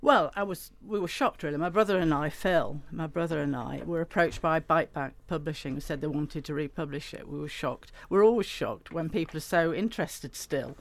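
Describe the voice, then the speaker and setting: A woman's voice: deep voice, fairly quick, hardly any pauses. A woman being interviewed as a guest in a radio studio, explaining at length in an earnest way. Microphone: studio microphone.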